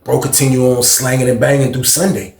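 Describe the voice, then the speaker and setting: A man telling a story in a casual monologue, slangy and animated, often checking in with his listeners. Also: medium pitch, fairly quick, vocal fry, reverberant. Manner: slangy, animated, repeats "you know what I mean".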